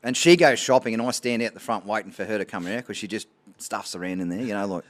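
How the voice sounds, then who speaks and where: A man's voice: on the low side, fast. An Australian man telling a funny story on a podcast, laughing as he goes. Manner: animated, laughs through his own story. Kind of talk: casual storytelling.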